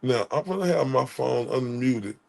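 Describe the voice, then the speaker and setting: A gravelly man from Dallas, Texas hosts a livestream. He rants in heated bursts and hurls repetitive, profane insults. His voice sits at a middle pitch with heavy vocal fry. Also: animated, normal speed, darkish tone. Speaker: livestream host.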